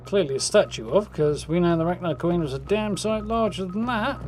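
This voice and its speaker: A man's voice: high voice, expressive, fairly quick, darkish tone. Male streamer musing over gameplay. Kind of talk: live gameplay commentary. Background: game sound and music.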